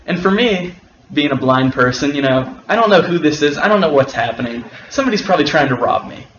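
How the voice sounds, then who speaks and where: A man's voice: on the high side, lively intonation, fast, fairly bright tone. Wry man telling a story in a roomy space. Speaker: guest storyteller. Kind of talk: casual storytelling. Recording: roomy, dull and slightly noisy.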